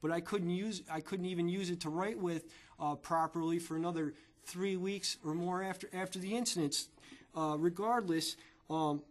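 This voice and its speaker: Man with a pretty high voice telling his side in court, stammery, keeps repeating words. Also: normal speed. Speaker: witness giving testimony. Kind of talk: emotional courtroom testimony.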